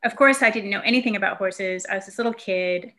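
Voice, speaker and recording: A woman from the United States tells a personal story in easy conversation. Her voice is bright and forward, and she circles back with restarts and "um"s as she remembers. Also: medium pitch, fast. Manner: warm, reflective storytelling with fillers and restarts. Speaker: guest telling a childhood story. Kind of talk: casual conversation.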